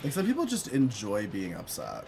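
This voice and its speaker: With music playing in the background, a man livestreams a game in a lowish, gravelly voice at normal speed. Campy and playful, he reads chat aloud, laughs often and yells when excited during his casual banter.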